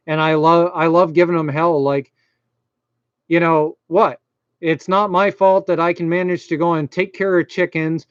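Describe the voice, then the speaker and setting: A middle-aged man with a Maine accent and a slight lisp rambles through a casual live-stream chat, poking fun at himself. His voice sits high for a man and sounds smooth and clean. The sound is close and dry, with a dull, lo-fi edge. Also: dry recording. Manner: rambling, self-deprecating, chatty. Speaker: YouTube host.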